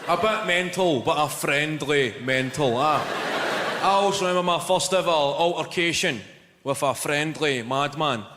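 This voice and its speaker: A Scottish man with a Glaswegian accent performing a stand-up comedy routine, telling a story in a deadpan way with crude swearing. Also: a little high, measured pace, background noise. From Scotland. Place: large live venue. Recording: echoey hall with loud ambience. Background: audience laughter.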